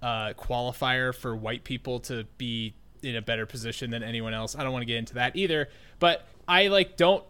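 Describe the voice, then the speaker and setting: A man in his late twenties telling a story in casual chat, animated and profane, with lots of "like" fillers. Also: mid-range voice, brisk, hardly any pauses, clear, resonant tone.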